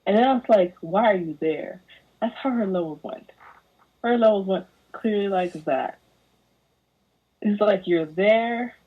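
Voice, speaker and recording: A young woman, a podcast guest, ranting animatedly in casual chat, slipping into mocking voices. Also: lowish voice. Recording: tinny phone-like audio.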